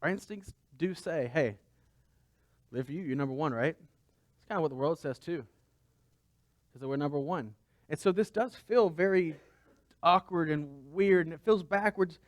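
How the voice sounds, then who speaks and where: A man's voice: a little high, normal speed, dry recording. A man pastor giving a conversational sermon, asking the congregation rhetorical questions.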